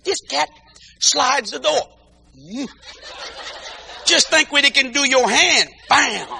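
A man preaching a comic storytelling sermon, animated and bursting into shouted exclamations between praise interjections. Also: very high voice, slow, creaky, a little hiss or hum. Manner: peppers talk with praise interjections.

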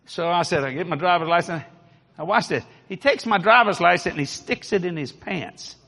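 A man's voice: high voice, fairly quick, creaky, pushed and bright. A man from New Orleans with its accent, preaching an emphatic, folksy storytelling sermon. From New Orleans, Louisiana. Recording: long hall reverb.

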